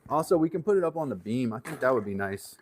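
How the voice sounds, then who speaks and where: A man's voice: mid-range voice, expressive, fast. A man hosting a casual workshop livestream, rambling and joking as he works. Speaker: channel host. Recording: loud scraping and clicking noise.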